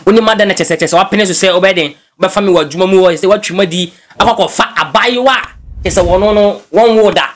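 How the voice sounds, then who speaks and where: A man from Ghana, a news blogger, giving casual gossip commentary in an animated way and slipping English phrases into his talk. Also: sits high, fast.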